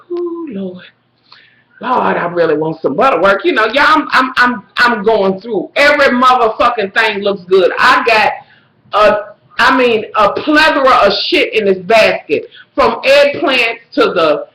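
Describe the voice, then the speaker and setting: Woman, bright tone, dramatic storytelling rant, roomy echo. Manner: loud, dramatic, swings between shrill squeals and low mutters. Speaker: vlogger. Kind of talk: profane storytelling rant to camera.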